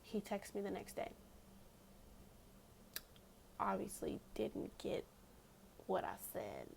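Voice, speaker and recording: A woman's voice: mid-range voice, sing-song, slow, gravelly, slight background noise. A young woman telling a story in whispered ASMR storytime, chatty and full of fillers, close to the mic at home. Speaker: ASMR creator.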